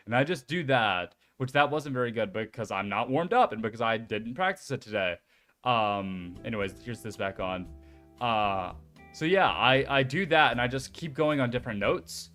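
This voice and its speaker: A young man chats casually and excitably as a streamer, with a mid-range pitch. He swears freely and talks in bursts. Faint music plays behind him. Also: moderate pace. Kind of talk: casual chat.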